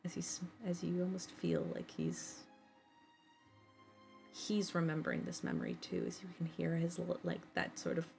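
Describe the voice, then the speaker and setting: A woman narrating as game master of a tabletop game, halting with many fillers. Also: fairly low pitch, very animated, gravelly, a little mellow, faint music behind.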